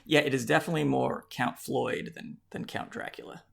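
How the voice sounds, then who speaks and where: A man's voice: mid-range voice, a little fast, vocal fry. A man hosting a book podcast in casual, joking chat. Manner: joking, easygoing. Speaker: podcast host.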